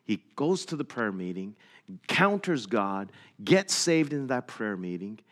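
A middle-aged missionary preacher tells a story during a sermon with slides, speaking earnestly at a measured pace. He's very animated, his voice climbing higher and louder as he gets into it.

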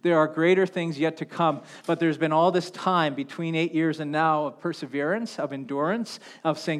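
A man preaching a sermon as pastor on a wireless mic, impassioned, swinging between loud calls and hushed stretches. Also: on the high side, moderate pace, hardly any pauses. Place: church sanctuary. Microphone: wireless handheld mic.

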